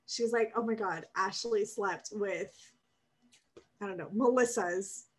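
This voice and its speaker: A young woman co-hosting a podcast, telling a story in casual chat, animated and laughing often as she acts out quotes. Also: medium pitch, measured pace. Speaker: podcast co-host.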